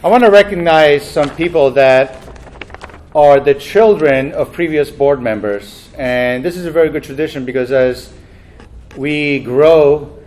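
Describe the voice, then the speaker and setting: Serving as emcee at a banquet hall, this man laughs at his own punchlines while cracking chatty, self-deprecating jokes. His voice is fairly high, unhurried and a little mellow.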